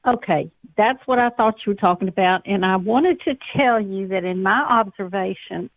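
A woman's voice: mid-range voice, moderate pace, no room sound. A woman calling in to a Christian radio show and speaking earnestly about churches and pastors. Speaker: caller. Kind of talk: call-in radio comment. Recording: tinny phone line.

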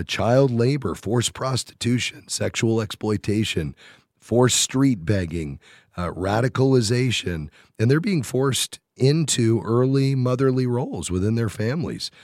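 Radio host, male, low voice, hoarse and scratchy, earnest appeal, dry studio sound. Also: a little mellow, no echo. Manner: earnest donation appeal, frequent "uh" pauses. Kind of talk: closing a faith-based money radio show.

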